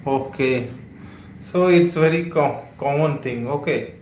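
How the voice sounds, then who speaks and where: Slow, echoey-voiced male English teacher. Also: fairly high pitch, darkish tone. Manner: slow, repeats words, many "okay" and "uh" fillers. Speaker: English teacher on a live stream. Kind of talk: live-streamed vocabulary lesson.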